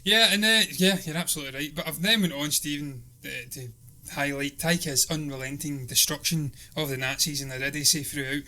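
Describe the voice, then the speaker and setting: A man's voice: a little high, a little fast, sharp tone. A man co-hosting a film review podcast, talking eagerly and laughing often. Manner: enthusiastic, talkative, laughs often. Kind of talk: casual chat.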